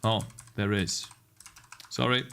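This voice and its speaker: A man's voice: lowish voice, steady tone, takes it slowly, creaky, pushed and bright, slight background noise. A man live-streaming his coding, talking to his chat as "guys" and swearing aloud at his code in exasperation.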